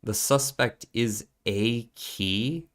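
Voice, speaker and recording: A man's voice: mid-range voice, drawn-out words, fairly bright tone. A man streaming a puzzle game, thinking aloud in a casual, profane mutter as he works through clues.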